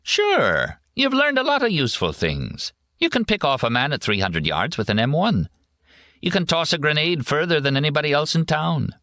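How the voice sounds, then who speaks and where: A man's voice: a little high, big pitch swings, moderate pace, pushed and bright, no room sound, studio quality, pitched above the performer's own voice, full character voice. A man voicing a sardonic young male soldier who mockingly describes a hero's homecoming. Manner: sarcastic, mock-cheerful storytelling.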